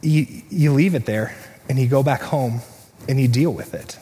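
A pastor delivering an earnest sermon, moving between quick asides and slow, stressed lines. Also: male voice, medium pitch, warm tone. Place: church sanctuary. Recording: reverberant hall, faint room noise.

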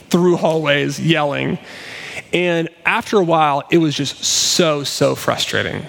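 Male pastor, sermon, gravelly, earnest and conversational, long church reverb. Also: fairly high pitch, slow pace, fairly bright tone. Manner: earnest, conversational, self-deprecating.

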